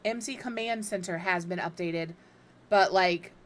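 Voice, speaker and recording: A woman's voice: on the low side, a little slow, slight background noise. A middle-aged woman chatting casually on a live stream as she builds in a life-sim game, talking to her cat and to viewers with self-deprecating humor. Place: home room.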